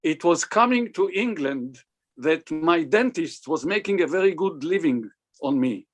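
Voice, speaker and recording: Older guy cantor swapping stories, slightly high voice, does all the voices in his tales. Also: a little slow. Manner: animated, acts out quoted dialogue. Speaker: cantor, interviewee. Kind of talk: anecdotal storytelling.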